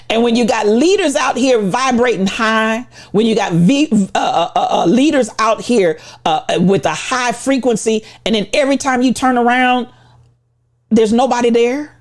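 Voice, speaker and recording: A woman giving an impassioned motivational talk, preaching with repetition and rising to shouts. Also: on the high side, animated, moderate pace. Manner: preaching, repetitive, call-and-response. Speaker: motivational speaker.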